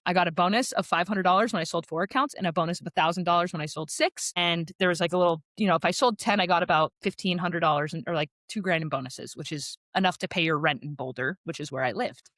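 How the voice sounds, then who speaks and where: A woman in her thirties, a podcast guest telling her story in a casual, chatty way, full of "like" fillers and quick asides. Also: lowish voice, a bit bright, no echo, studio quality. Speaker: podcast guest, sales rep.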